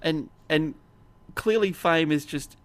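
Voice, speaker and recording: A man's voice: a little high, slow pace. A man co-hosting a casual chat, rambling with many restarts and laughs. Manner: rambling, self-interrupting, laughs often. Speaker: podcast co-host.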